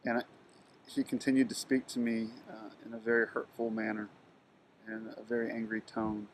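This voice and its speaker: A middle-aged man talking through a personal story in a halting monologue, with many ums and restarts. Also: on the low side, a little hiss or hum. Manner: halting, with frequent ums and restarts, flat delivery. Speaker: video blogger telling a personal story.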